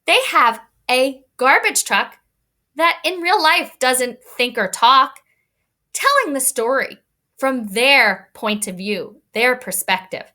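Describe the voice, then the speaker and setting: A woman's voice: high voice, lively intonation, takes it slowly, bright, forceful tone. A woman teacher giving a read-aloud lesson to young children, encouraging and thinking aloud as she explains.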